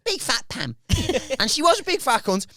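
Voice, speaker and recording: Man, high voice, rowdy comedy storyteller. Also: big pitch swings, normal speed, sharp tone, no echo, studio quality. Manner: rowdy, swearing, laughs hard at own stories. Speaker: comedian podcast co-host. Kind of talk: casual storytelling chat.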